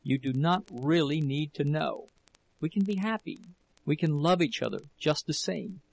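A man's voice: medium pitch, takes it slowly, creaky, a little mellow, slightly rough, exaggerated voice, low-quality recording. A man voicing a desperate pleading wife. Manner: pleading, breaking into whispers.

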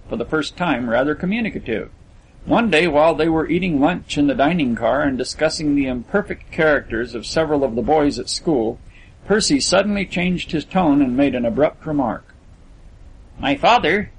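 A man narrating a literary story in a measured, descriptive way. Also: on the high side, slightly rough, low-quality recording. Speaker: audiobook narrator.

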